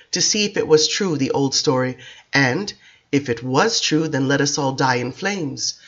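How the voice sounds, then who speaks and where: A man reading a dark novel aloud in the first person, with dramatic, intense storytelling, on a dull lo-fi recording. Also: medium pitch, expressive, normal speed. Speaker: audiobook reader.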